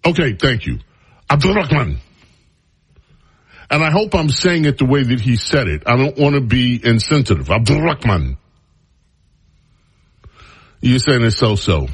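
Husky-voiced man hosting talk radio. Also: medium pitch, big pitch swings, a little fast, hardly any pauses. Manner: wry, teasing banter with crew. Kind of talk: casual talk radio commentary.

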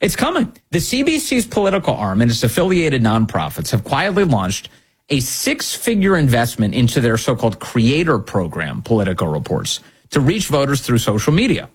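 A husky-voiced man hosting a commentary show, pressing his points with sarcasm and indignation. His pitch swoops up and down in lively leaps as he hammers each line home. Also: moderate pace. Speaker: political commentary host. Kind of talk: opinion monologue.

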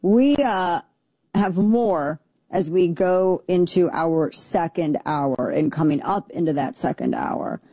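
A talk radio host, a woman, in loose on-air chat who riffs with disbelief and jokes. Her voice is mellow and warm and sits dry and close on a studio mic, with no room sound. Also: lowish voice, slow pace, dry recording. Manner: incredulous, joking, repeats herself. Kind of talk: casual on-air commentary.

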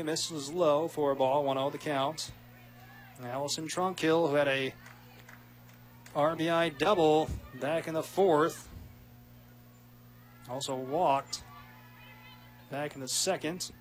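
A man doing play-by-play radio commentary of a softball game, quick and rising with big plays. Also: a little high. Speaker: play-by-play announcer.

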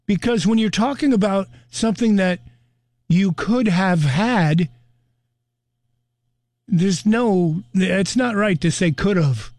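An older man hosts a morning radio show, chatty and amused as he reads out what listeners wrote in. His voice sits high for a man and he takes his time. The sound is close and dry. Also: slow, long pauses, darkish tone, dry recording. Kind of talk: radio talk segment reading listener comments.

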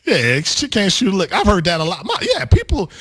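A man's voice: high voice, wildly swooping pitch, brisk, fairly bright tone, slightly rough, dry recording, studio quality. A man co-hosting a casual chat, playful and teasing, laughing often as he riffs on regional words.

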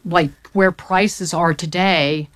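A woman's voice: fairly low pitch, fairly even intonation, slow pace, a little hiss or hum. A woman from the Southern United States explaining the economy in casual chat, packed with figures, often restarting mid-sentence. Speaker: economics commentator.

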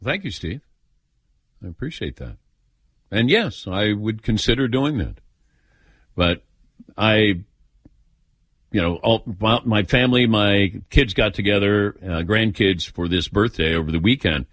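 A man in his fifties runs a call-in talk show with a lively, swooping voice. He tells sentimental stories about himself and pokes fun at himself. The sound is close and dry. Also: fairly low pitch, measured pace, long pauses, no room sound. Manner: chatty, self-mocking, sentimental storyteller. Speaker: radio talk show host. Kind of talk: casual call-in chat.

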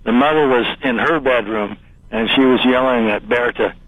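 A man's voice: medium pitch, fairly even intonation, no echo. Man telling a story over a phone line. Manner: halting, hesitant storytelling. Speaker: caller. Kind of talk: telling a ghost story on a call-in show. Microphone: telephone.

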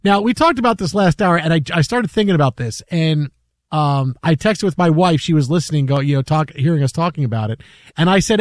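A man in his forties hosting sports radio, telling an animated story and acting out the quotes. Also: on the high side, quick pace, no room sound, studio quality. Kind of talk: casual sports talk.

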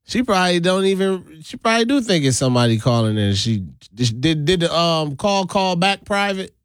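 Animated man chatting on a live stream. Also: normal speed, clean tone, dry recording, studio quality. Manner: animated, swings pitch widely, laughs often. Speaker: livestream host. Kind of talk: casual live-stream chat.

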